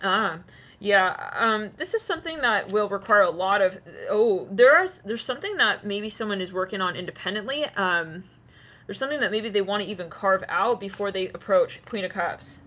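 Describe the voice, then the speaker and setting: A woman's voice: medium pitch, expressive, normal speed, pushed and bright. A woman giving a casual tarot reading, rambling with many fillers and acting out quoted voices. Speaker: tarot reader.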